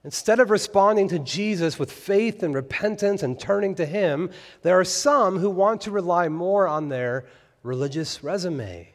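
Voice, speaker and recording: Pastor guy preaching, higher voice, earnest, punches key phrases, long church echo. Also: moderate pace. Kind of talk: sermon. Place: church sanctuary.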